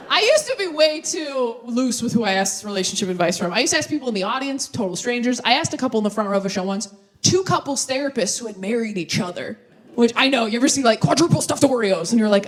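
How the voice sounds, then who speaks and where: A young woman performing stand-up comedy on stage, animated and self-mocking, with quick asides and crowd work. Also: on the high side. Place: live theater stage with audience. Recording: live show, audience laughter and room noise.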